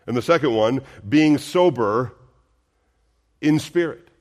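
A man's voice: medium pitch, takes it slowly, darkish tone. A male pastor preaching a sermon, earnest and emphatic, full of rhetorical questions.

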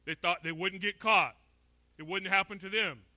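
A man's voice: sits high, normal speed, sharp tone, no room sound. A middle-aged man from Florida preaching a sermon with emphasis, asking rhetorical questions and voicing imagined speakers. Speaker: pastor. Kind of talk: expository sermon.

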